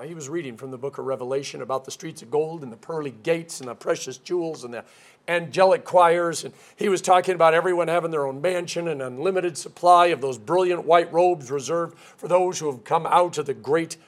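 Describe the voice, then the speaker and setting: A man's voice: on the high side, creaky. A man preaching a conversational sermon, mixing scripture with humorous asides.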